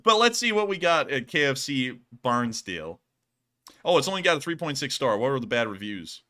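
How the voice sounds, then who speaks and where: A man's voice: medium pitch, fairly quick. A man hosting a casual livestream, joking and saying "y'all". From Alabama, US. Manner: joking, animated, drawling "y'all". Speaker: host.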